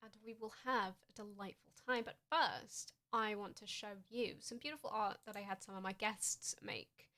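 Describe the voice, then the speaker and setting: A young woman streaming casually, joking in a deadpan way and often laughing as she talks. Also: medium pitch, normal speed, few pauses. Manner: playful, deadpan jokes with frequent laughs. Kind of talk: casual stream chat showing fan art.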